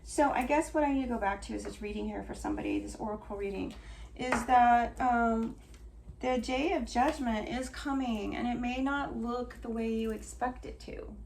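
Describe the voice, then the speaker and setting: Woman, middle-aged, rambling oracle card reader, emotional, gravelly fry, distant mic. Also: on the high side, normal speed, a little mellow. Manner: rambling, emotional, trailing off and restarting. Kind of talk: casual spiritual channeling talk. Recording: far from mic, faint noise.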